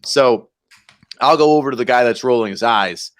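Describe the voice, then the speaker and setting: A man who is a guest and a former drill sergeant, telling a story in a loud, lively way. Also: medium pitch, normal speed, no room sound. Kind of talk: casual chat.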